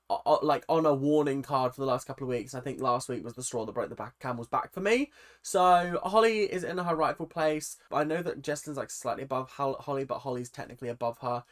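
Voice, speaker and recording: A man hosting a reaction video in his bedroom, chatting casually and animatedly, breaking into sudden high outbursts as he mimics reactions. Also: a bit bright. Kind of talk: casual commentary.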